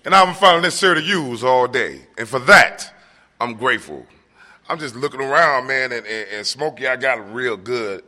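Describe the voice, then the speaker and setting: A man from Atlanta sharing at a recovery meeting, excitable and joking, swearing freely and laughing as he talks. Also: mid-range voice, a little fast. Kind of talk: personal testimony at a meeting.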